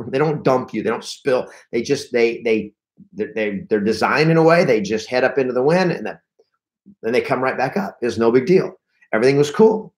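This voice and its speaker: Brief: male real estate trainer, mid-pitch, energetic storyteller, acts out panic, restarts words often. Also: normal speed. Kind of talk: live-streamed coaching talk.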